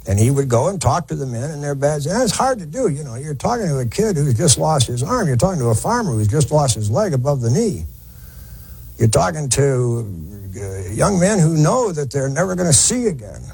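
A man's voice: fairly high pitch, sing-song, fairly quick, gravelly, darkish tone, breathy edge, low-quality recording. A man telling a war story in a folksy, conversational lecture, with fillers and restarts. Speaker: historian lecturer.

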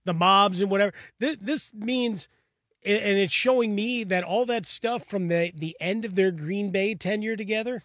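A man's voice: high-pitched, normal speed, a bit bright, dry recording, studio quality. A man co-hosting a sports talk show, chatting casually and explaining with everyday analogies. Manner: conversational, builds analogies. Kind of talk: casual sports radio chat.

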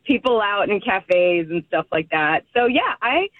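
A woman's voice: mid-range voice, sing-song, measured pace, dry recording. A woman from Egypt joins the show by phone, her voice thin and tinny. She talks in a hesitant, filler-heavy way and giggles often. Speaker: guest. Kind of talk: casual radio chat.

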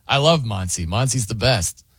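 Man, radio host, lively pitch, bright tone, dry studio sound, casual banter, laughs often. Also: moderate pace, husky, no room sound. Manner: animated, laughs often, mimics others' pronunciations.

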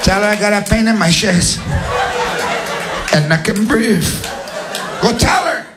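A man's voice: high voice, animated, unhurried, a loud crowd, very noisy. A man acting out an ailing old uncle who pleads that he has chest pain. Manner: pained, groaning pleas.

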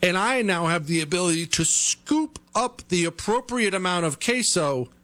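Animated ranting man. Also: high voice, moderate pace, dry recording. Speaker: talk show host. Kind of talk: comic rant.

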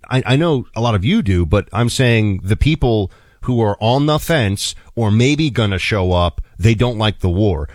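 A man co-hosting a talk radio show, chatting casually and joking, sometimes mock shouting. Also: fairly low pitch, dry recording. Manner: animated, jokey, mock shouting. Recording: dry studio sound.

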